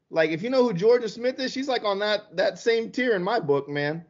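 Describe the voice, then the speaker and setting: A man co-hosting a sports podcast, excitable and profane in casual chat. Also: fairly quick, few pauses, lo-fi sound. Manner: excitable, swears, pitch jumps up when hyped. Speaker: podcast co-host.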